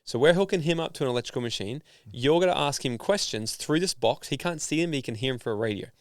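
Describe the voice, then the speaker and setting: A man from Australia, a guest on an interview podcast, telling a story in a casual, animated way and acting out the voices of people in it. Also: mid-range voice, quick pace, no room sound, studio quality. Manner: animated, acts out voices in his stories. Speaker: guest, personal development founder.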